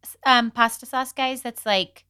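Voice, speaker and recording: A woman's voice: fairly high pitch, fairly even intonation, measured pace, pushed and bright, smooth. A woman co-hosting a podcast, chatting playfully and teasing, with many "like" fillers. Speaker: podcast co-host. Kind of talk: casual chat.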